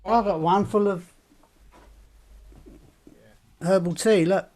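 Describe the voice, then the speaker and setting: A man's voice: high-pitched, steady tone, moderate pace, darkish tone, a little hiss or hum. A man chatting on a video call at an open mic, with wry, teasing remarks. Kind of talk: casual chat on a video call.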